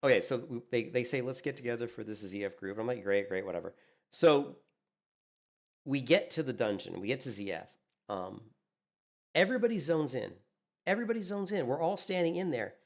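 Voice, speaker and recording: A man streaming a game, chatting casually and telling animated stories, acting out what others said and filling in with "you know" and "like". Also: mid-range voice, fairly quick. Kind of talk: casual gaming stream chat.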